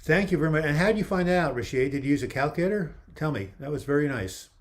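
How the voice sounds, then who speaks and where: A man's voice: on the high side, expressive, fast talker, slight background noise. A man hosting a casual live video chat, reading out viewer comments and joking around, his voice starting to go. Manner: chatty, reads viewer comments aloud, jokes around. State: losing his voice. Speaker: livestream host answering viewer questions. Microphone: webcam livestream.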